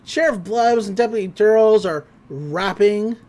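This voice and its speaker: A podcast host giving a casual episode recap, telling it with lots of laughter and quick character voices. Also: medium pitch. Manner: animated storytelling, laughs often, slips into character voices.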